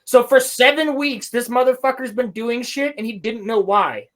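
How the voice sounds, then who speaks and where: Young male podcast co-host, high-pitched, profane and mocking in casual recap chat. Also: moderate pace, hardly any pauses, a bit bright.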